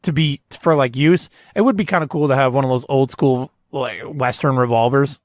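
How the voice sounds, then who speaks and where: A man's voice: medium pitch, moderate pace, no room sound, clean studio sound. A man hosting a comedy podcast in casual chat, rambling and restarting as he tells stories. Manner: rambling, self-interrupting storyteller. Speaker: podcast host.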